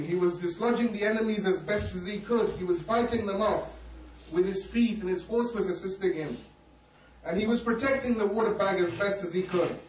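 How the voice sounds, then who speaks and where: A man narrates a mourning sermon with emotional, grieving storytelling. His voice is high for a man and comes from a distance. The hall echoes around him, and there is faint ambience in the background. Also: a little hiss or hum. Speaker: preacher.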